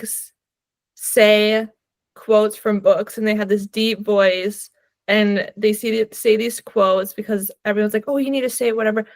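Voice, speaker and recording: A woman co-hosting a book podcast in casual chat, animated and quick to laugh, telling stories with many "like" fillers. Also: medium pitch, dry recording. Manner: animated, laughs often, filler-heavy storytelling. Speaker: podcast co-host. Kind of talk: casual chat about books.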